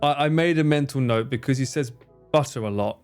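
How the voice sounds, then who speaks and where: A man's voice: medium pitch, fairly quick, darkish tone, faint music behind. A man hosting a livestream, chatting casually and in an amused way as he reacts to clips and thinks aloud. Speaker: livestream host.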